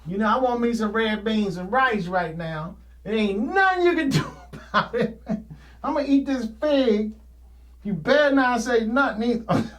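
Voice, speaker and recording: A man's voice: very high voice, lively intonation, normal speed. A man putting on a brash, mocking garden rebel. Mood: defiant. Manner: loud, taunting, laughing.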